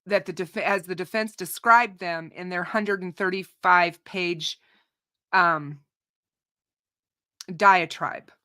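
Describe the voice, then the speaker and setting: Woman host, true crime commentary, slow and deliberate, bright tone, slightly strained voice, opinionated. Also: fairly low pitch, fairly even intonation. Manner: opinionated, frequent restarts and repeated words. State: voice starting to go, clearing her throat. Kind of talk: unscripted commentary to a live audience.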